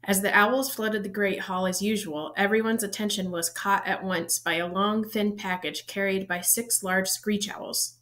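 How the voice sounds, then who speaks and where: A woman reading a children's novel aloud, steady storytelling with the odd slip and self-correction. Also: medium pitch. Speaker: audiobook reader.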